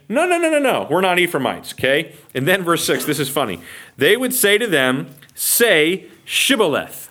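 A man with an American accent teaching the Bible verse by verse, acting out the quotes and checking in with listeners. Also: fairly high pitch. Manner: animated, acts out quotes, asks listeners okay.

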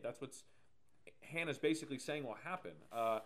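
A man's voice: mid-range voice, normal speed, a bit bright, a little hiss or hum. A man preaching a casual, joking sermon, explaining scripture with laughs and asides. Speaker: pastor.

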